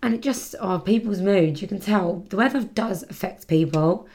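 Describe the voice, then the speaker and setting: A woman's voice: mid-range voice, moderate pace, dark tone. A British woman hosting a casual solo podcast, chatting in a rambling way, full of fillers and self-corrections. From Britain. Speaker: podcast host. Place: home setting near the seaside.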